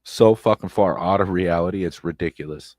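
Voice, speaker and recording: Speaking fairly quickly from his home streaming setup, a very deep-voiced man goes off about online drama. He's blunt and profane, repeats himself, and erupts in loud outbursts, all recorded dry and close with no surrounding room.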